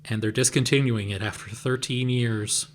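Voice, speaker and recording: Man, mid pitch, podcast co-host, casual, hesitant restarts. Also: steady tone, normal speed, slight background noise. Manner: hesitant, repeats words, fills with "like". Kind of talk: casual chat.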